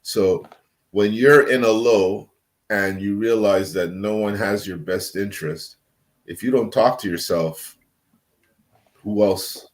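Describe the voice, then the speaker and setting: A man's voice: on the low side, slow. A man on a talk panel speaking bluntly and emphatically about hard times, with swearing and dry jokes. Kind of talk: casual panel chat.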